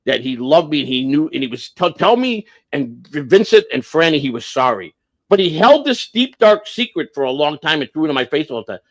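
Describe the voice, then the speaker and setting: A man around sixty tells a long family story on a casual livestream. His voice sits slightly high for a man. He is blunt and profane, restarting sentences and hammering his points. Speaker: livestream host.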